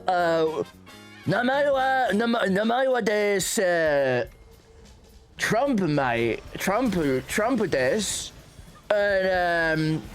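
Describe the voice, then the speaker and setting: A man's voice: high-pitched, pitched above the performer's own voice, heavily acted. A man doing an impression of a blustering male politician with a put-on British accent, hesitant and drawn out, full of fillers.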